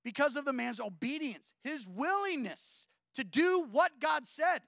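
A man's voice: very high voice, lively intonation, unhurried, vocal fry, fairly bright tone, dry recording, clean studio sound. A man preaching a sermon as a pastor, in a conversational way with frequent "right?" asides to the congregation.

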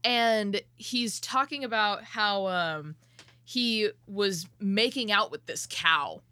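A woman co-hosting a podcast in casual chat, telling a story in halting, rambling fashion with many fillers. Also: mid-range voice, sharp tone. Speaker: podcast co-host.

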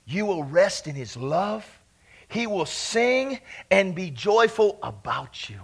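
A male pastor preaching a charismatic sermon, exuberant, breaking into long bursts of laughter and shouts, then dropping to a soft confiding tone. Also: high voice, lively intonation, a little slow, slightly rough. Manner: drops to soft confiding tone between outbursts.

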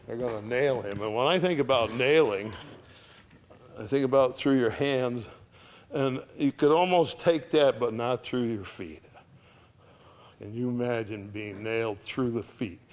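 A man's voice: mid-range voice, darkish tone. A man preaching a Bible teaching sermon, retelling scenes vividly and earnestly, often asking his listeners rhetorical questions.

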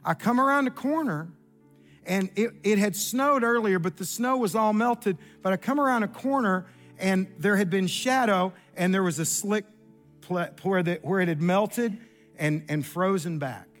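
A man's voice: sits high, normal speed, a bit bright, soft background music. A man, preaching a sermon through an earnest, folksy story from his own life.

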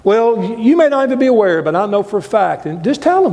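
An older man preaching a sermon as a guest preacher in a church, impassioned, swinging between loud highs and quiet lows. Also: sing-song, fairly quick, hardly any pauses. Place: church sanctuary. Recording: long reverb of a church hall.

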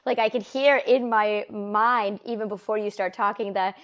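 A woman's voice: medium pitch, fairly even intonation, moderate pace. A woman hosting a podcast interview, enthusiastic and giggly, with plenty of ums and uhs. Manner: enthusiastic, giggly, many fillers. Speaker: podcast host.

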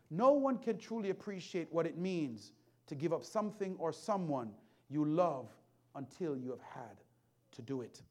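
A man preaching a sermon, telling a story from his work as a hospital chaplain, swinging from hushed to loud with repeated build-ups. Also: on the high side.

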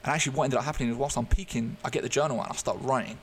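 A man guesting on a podcast tells a candid personal story, earnest and open. His voice sits at medium pitch with fairly even intonation, and he speaks haltingly, often restarting sentences and using fillers. There's slight background noise.

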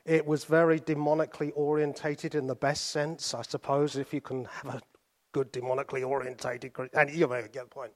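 A British man preaching a sermon, telling stories with pauses and sudden drops to soft asides. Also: medium pitch, flat delivery. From Britain.

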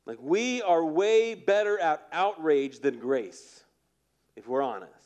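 A male pastor delivers a sermon in a relaxed, conversational tone, acting out the scenes as he goes. His voice sits slightly high for a man. At key moments he sinks into a soft, low, intimate hush. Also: slow pace. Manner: conversational, animated storytelling with acted quotes.

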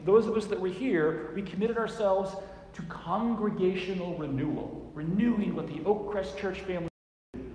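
A man's voice: sits high, a little mellow. A man preaching a sermon in a church, earnest and conversational, sharing anecdotes. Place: church sanctuary. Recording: echoey church hall with long reverb.

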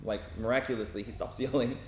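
A man's voice: medium pitch, steady tone, quick pace, slight background noise. A man who works as a hospital chaplain, telling a story to a group in a casual way and often checking in with "right?" and "okay?". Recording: roomy echo with faint ambience.

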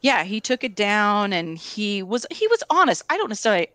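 A woman at a middle pitch tells stories in an open, candid way. She is animated and leans on filler words. Her voice is close and dry, with no room sound around it. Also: fairly quick, no echo. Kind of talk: casual conversation.

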